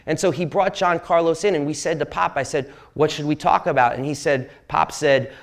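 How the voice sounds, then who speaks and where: A man's voice: a little high, fairly even intonation, brisk, vocal fry. A man giving a casual storytelling talk to an audience in a university lecture hall, rambling and jokey, with plenty of fillers and restarts. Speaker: sportswriter giving a public talk.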